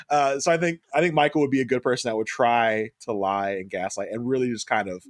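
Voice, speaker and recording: A man co-hosting a podcast in casual chat, animated and quick to laugh, acting out the people he talks about. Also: medium pitch, no room sound, clean studio sound. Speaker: podcast co-host.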